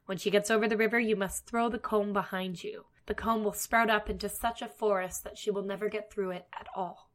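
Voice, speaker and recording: Woman storyteller, expressive, dramatic read-aloud, mid-pitched. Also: fairly quick, hardly any pauses. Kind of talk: storybook narration.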